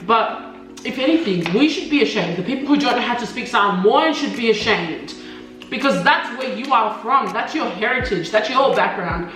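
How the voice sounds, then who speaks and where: A woman's voice: normal speed, far from the mic. Echoey young woman telling a story. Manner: animated, acts out quoted voices in high pitch, laughs often. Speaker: mukbang co-host. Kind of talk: casual storytelling chat. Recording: echoey room, off-mic, faint music.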